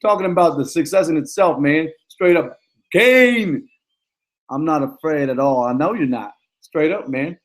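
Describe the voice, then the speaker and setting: A man's voice: on the high side, animated, a little slow. A middle-aged man, a football coach, giving a motivational talk in an emphatic, repetitive, slangy way.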